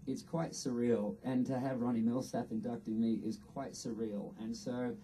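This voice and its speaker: An Australian man giving an earnest, unhurried acceptance speech at an outdoor ceremony, pausing often. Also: mid-range voice, little pitch movement, mellow, distant mic, slight background noise, low-quality recording. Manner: earnest, unhurried, with frequent pauses. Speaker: award inductee.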